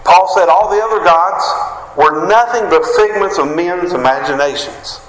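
Folksy West Virginia preacher in an echoey church. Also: male voice, high-pitched, a crowd in the background. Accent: West Virginia Appalachian. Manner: folksy, calls for amens, drawn-out emphatic phrases. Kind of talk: sermon. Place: church sanctuary. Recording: echoey hall with long reverb.

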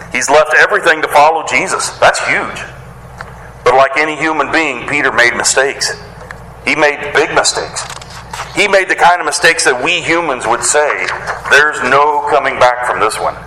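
A man preaching a sermon, animated and casual, who acts out the voices of the people he quotes in a higher pitch. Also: echoey room, a little hiss or hum, poor audio. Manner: casual wording with playful slang. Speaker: pastor.

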